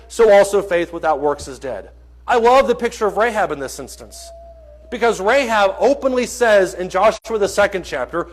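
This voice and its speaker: A man preaching a sermon in church, earnest and emphatic, reading scripture and stopping to correct himself with small jokes. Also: high voice.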